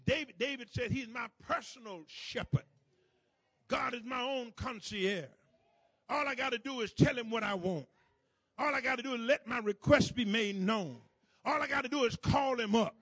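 A man preaching a sermon to a congregation in a church, calling for responses and repeating phrases as he builds to shouts. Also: very high voice, husky, no echo.

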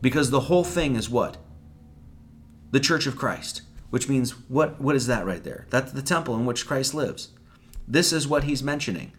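A man delivers a loose, conversational sermon, his pitch swinging widely as he acts out scripture dialogue. He talks like he's chatting with friends and throws in the odd swear word. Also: lively intonation, normal speed. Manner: conversational, acts out quoted lines, swears casually. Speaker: preacher. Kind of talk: casual Bible-study sermon.

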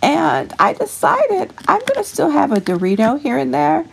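A woman's voice: high voice, wildly swooping pitch, moderate pace, vocal fry, a little hiss or hum. A woman in her fifties hosting a casual Christian devotional talk in an earnest, homey way, with many fillers and restarts. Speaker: Christian devotional podcast host. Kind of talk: casual faith encouragement talk.

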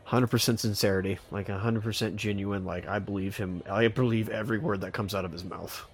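A man's voice: fairly low pitch, steady tone, brisk, breathy edge. A man co-hosting a podcast, chatting casually and rambling about a TV episode with lots of restarts. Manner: rambling, with many fillers and restarts. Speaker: podcast co-host. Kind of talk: casual chat reviewing a TV episode.

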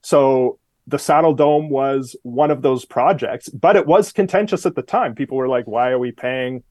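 A man talking as a guest commentator in a casual interview, relaxed and full of fillers, sometimes shifting his voice to quote people. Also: on the high side, moderate pace, dry recording. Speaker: guest commentator on city politics.

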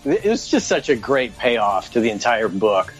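A man with a middle-pitched voice shares his thoughts on a book in a relaxed chat. He often pauses and restarts as he works out what he means. Soft music sits in the background. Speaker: podcast co-host. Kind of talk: casual book discussion.

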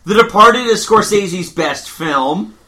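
A man with a high, very animated voice hosting a podcast. He sounds sardonic and opinionated, with a bright, forceful tone. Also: slow. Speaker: podcast host. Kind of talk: casual chat, reading listener opinions.

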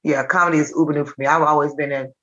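A woman from Chattanooga, a comedian guest telling animated, jokey stories in casual chat. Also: deep voice. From Chattanooga, Tennessee. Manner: animated, jokey, rapid bursts. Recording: dull lo-fi sound.

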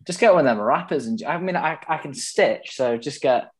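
A man's voice: a little high, lively intonation, moderate pace, slightly rough. A man co-hosting a podcast, chatting casually and joking around with easy laughs. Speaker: podcast co-host. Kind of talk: casual chat.

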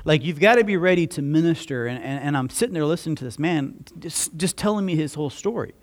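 A pastor giving a conversational sermon, telling a personal story with animated delivery. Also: male voice, on the high side, fast. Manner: animated, acts out dialogue in the story.

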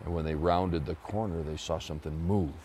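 A man's voice: low-pitched, fairly even intonation, fairly quick, a little mellow, a little hiss or hum. A man telling a children's story in a folksy way, stopping to explain words.

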